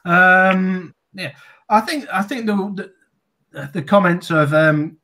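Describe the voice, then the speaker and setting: A retired cricketer in his forties spins casual anecdotes during an interview, speaking slowly in a high voice with a sharp tone. His stories come with plenty of ums, restarts and laughs.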